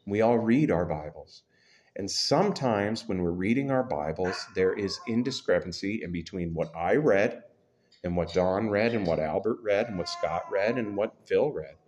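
A man with a fairly low voice, preaching to his congregation. He talks to them like a friend, asks them questions, and pokes fun at himself as he works through the passage. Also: animated, normal speed, darkish tone. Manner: self-deprecating, conversational, humorous. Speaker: pastor. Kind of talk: sermon. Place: church.

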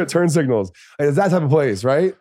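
A man's voice: a little high, expressive, moderate pace, warm tone, no room sound, clean studio sound. A man, a former pro football player, telling a story in a rambling, profane way and laughing often. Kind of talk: casual storytelling.

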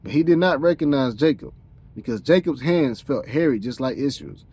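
A man's voice: medium pitch, expressive, moderate pace, dark tone, breathy edge. A man hosting a podcast, reading scripture aloud in a plain voice, tripping over words now and then and breaking off with casual slangy comments.

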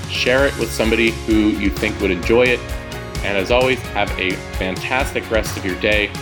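A man hosting a podcast, explaining a prayer practice in a relaxed, conversational teaching style with frequent fillers and restarts. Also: on the low side, normal speed, music in the background. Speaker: podcast host.

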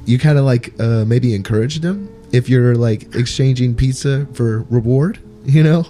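Mellow-voiced laid-back man comic. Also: mid-range voice, normal speed, soft background music. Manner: laid-back, rambling, says "like" and "you know" a lot. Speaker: comedian podcast host. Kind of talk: casual podcast chat.

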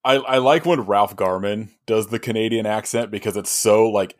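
Deep-voiced man, podcast co-host, rambling, lots of fillers. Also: moderate pace. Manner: rambling, many fillers, laughs often. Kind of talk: casual movie review chat.

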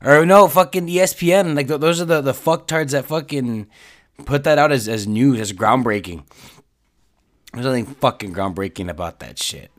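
A man's voice: mid-range voice, moderate pace. A man ranting casually on a podcast, swearing constantly and rambling with lots of filler words. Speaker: podcast host.

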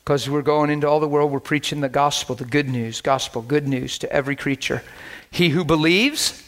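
A man preaching a sermon, telling animated stories and acting out scenes, breaking into laughter, shouts and whispers. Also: fairly high pitch, moderate pace. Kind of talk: storytelling sermon.

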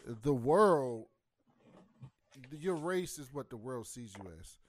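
Animated emphatic man on a podcast. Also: mid-range voice, slow. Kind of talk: casual podcast chat.

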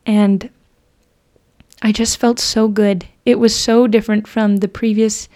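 A woman's voice: mid-range voice, flat delivery, measured pace, dark tone. A young woman hosting a podcast, telling a personal faith story in an earnest, chatty way with frequent fillers and restarts. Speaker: podcast host.

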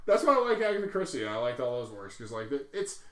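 Rambling podcast guy, lively voice. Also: mid-range voice, fast talker. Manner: rambling, profane, restarts words often. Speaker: podcast co-host. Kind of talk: casual chat. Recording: echoey room.

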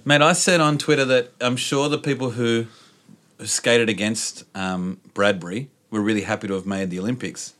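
Animated Australian man talking footy. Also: fairly low pitch, normal speed. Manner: animated storyteller, laughs often. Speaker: podcast host. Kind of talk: casual sports chat.

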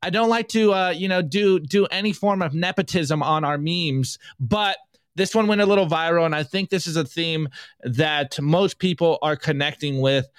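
Energetic slangy man reading memes. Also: a little high, smooth, dry recording. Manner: energetic, slangy, quick asides. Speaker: podcast co-host. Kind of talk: casual chat, reading memes aloud.

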